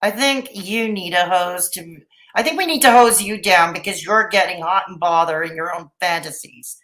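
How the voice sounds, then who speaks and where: A woman's voice: on the low side, moderate pace, fairly bright tone, echoey room, poor audio. A woman doing casual reaction commentary, mocking and sarcastic, with laughing asides while she reads chat. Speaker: commentary streamer reacting to a video.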